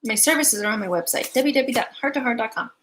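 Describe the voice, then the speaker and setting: A woman's voice: a little high, fast talker, a bit bright, a little hiss or hum. A woman giving a live-stream angel card reading, chatty and giggly, full of likes and ums.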